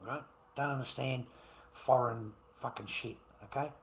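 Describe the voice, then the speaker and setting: A middle-aged Australian man rambles through a casual livestream, blunt and profane, circling back on his own phrases. His voice sits in an everyday middle pitch, with faint noise behind it. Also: steady tone, unhurried, gravelly. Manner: blunt and profane, repeats himself, says mate a lot. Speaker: live streamer.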